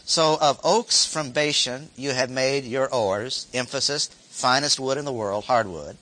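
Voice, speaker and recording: Measured in pace and sharp in tone, this mid-range male voice belongs to a man teaching a Bible lesson. His expository lecture alternates between reading verses aloud and stopping to explain them with brief asides and repeated key phrases.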